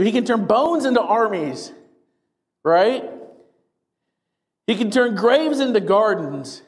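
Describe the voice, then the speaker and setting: High-voiced energetic pastor preaching. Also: male voice, in a large hall. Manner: energetic, fast and excited, with wry asides. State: getting out of breath. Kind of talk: sermon.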